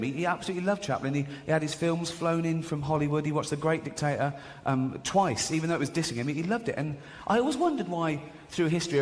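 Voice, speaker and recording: A middle-aged English man with a mocking, conversational manner, delivering a stand-up routine with frequent stammered restarts. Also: a little high. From England. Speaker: stand-up comedian. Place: large theatre stage. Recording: live hall with loud crowd. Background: loud audience laughter.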